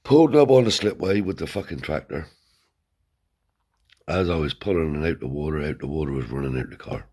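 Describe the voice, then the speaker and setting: A man with a very low, husky voice tells a rough-edged tale from his past. He talks bluntly and swears freely, seated as he spins the story. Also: fairly quick. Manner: blunt, swears heavily, animated yarn-spinning. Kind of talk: casual spoken storytelling. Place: seated indoors.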